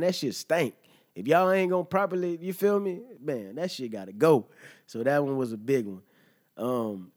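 A podcast host delivers a casual monologue reacting to an article, laid-back and profane, chuckling often and asking listeners "you feel me?" His voice is medium-pitched and a little mellow.

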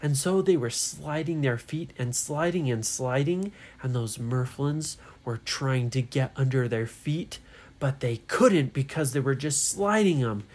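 Woman, bedtime storyteller, low breathy voice, unhurried. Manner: slow, soft, lively voices for the characters. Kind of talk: bedtime story told to a child.

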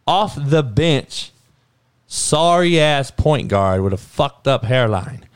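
A man's voice: mid-range voice, lively intonation, slow, clear, resonant tone, no room sound, clean studio sound. A man hosting his own podcast, ranting heatedly and profanely in a solo commentary. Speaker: podcast host.

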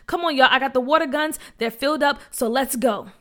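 Woman playing a loud, excitable bossy girl. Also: high-pitched, pitched above the performer's own voice. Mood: excited. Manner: loud, exclamatory, rushing.

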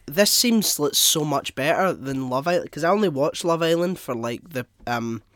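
A man chatting casually, reacting to a story with quick exclamations. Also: fairly high pitch, animated, fairly bright tone, dry recording. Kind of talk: casual chat.

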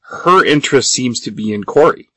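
A man's voice: mid-range voice, no echo, low-quality recording. A man co-hosting a podcast, casually recapping a comic with frequent ums. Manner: relaxed, agreeable, halting with ums. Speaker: podcast co-host.

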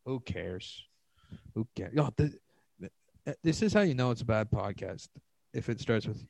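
A man's voice: mid-range voice, expressive, normal speed, vocal fry, warm tone, husky, no echo. A man hosting a podcast alone, ranting in a loose, profane, sarcastic ramble, recorded close on a podcast mic. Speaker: podcast host. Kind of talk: solo rambling podcast monologue.

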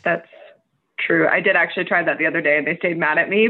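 High-voiced man on a tinny line. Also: steady tone, fairly quick. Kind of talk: casual chat.

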